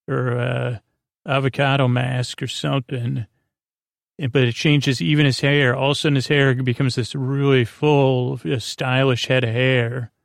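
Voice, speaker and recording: A man hosting a sleep podcast, retelling a story in a halting, rambling way full of fillers and restarts. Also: medium pitch, creaky, dry recording, studio quality. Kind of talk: drowsy rambling recap.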